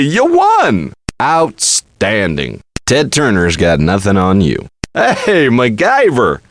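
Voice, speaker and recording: A man's voice: lowish voice, vocal fry, fairly bright tone, slight background noise, full character voice. An actor playing a brash, joking male poker player in a card game, gloating and laughing between quips. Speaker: game character. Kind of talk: game voice clips.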